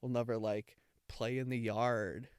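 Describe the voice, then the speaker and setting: A young man rambles through a heartfelt story on a casual podcast, leaning on fillers as he goes. His voice is smooth and resonant. The recording is close and dry. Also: medium pitch, little pitch movement, measured pace, no room sound. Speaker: podcast co-host. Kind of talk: casual chat.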